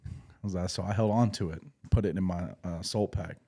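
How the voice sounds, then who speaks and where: A former infantry Marine hosts a podcast, telling old service stories in a low, mellow voice at a fairly quick pace. His casual storytelling is laid-back and rambling, full of profanity and restarted sentences, with a tone that stays dark and relaxed.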